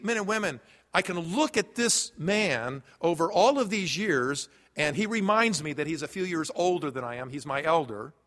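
A man pastor preaching a sermon, earnest, stumbling into quick restarts as he tells a story. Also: on the high side, a bit bright. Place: large church sanctuary. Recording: long hall reverb.

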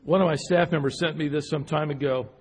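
A man's voice: on the high side, fairly even intonation, brisk, husky. A man delivering a sermon, telling a story with frequent restarts and repeated words, then building to emphatic peaks. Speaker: preacher. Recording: hall reverb.

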